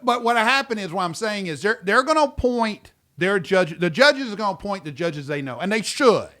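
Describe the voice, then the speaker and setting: A man talks shop on a podcast like he's ribbing a friend at the table. He's jokey and animated and keeps jumping in. His voice is bright and forceful. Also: high voice, normal speed. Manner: animated, jokey, interrupts often. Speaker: podcast co-host, attorney. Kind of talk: casual podcast chat.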